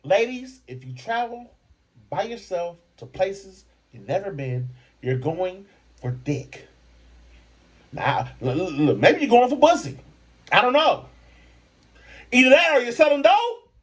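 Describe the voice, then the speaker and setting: A brash man hosts a podcast in a comedic rant, swearing freely and mocking his targets. His pitch swings widely as he goes, rising and dropping with every jab. He is from Michigan. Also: sing-song, measured pace, long pauses, husky. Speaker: podcast host.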